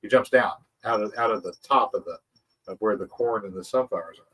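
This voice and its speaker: A man's voice: on the low side, fairly quick, bright, forceful tone, slightly rough, recorded from a distance, rough recording. A man hosting a farming channel, explaining his methods in a rambling casual way, repeating words and chuckling. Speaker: agroforestry channel host.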